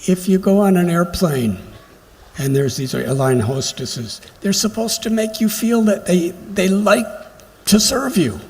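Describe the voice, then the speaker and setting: Slow-speaking man lecturing in a reverberant hall. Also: high voice, a little mellow. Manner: slow, reflective storytelling with emphatic pauses. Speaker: spiritual lecturer. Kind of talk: devotional lecture. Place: temple hall during a pilgrimage. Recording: long hall reverb, faint background noise.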